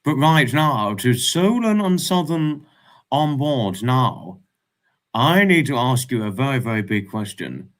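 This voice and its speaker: A man's voice: mid-range voice, sing-song, measured pace. A man hosting a casual livestream, reading chat messages aloud and reacting with frequent laughs.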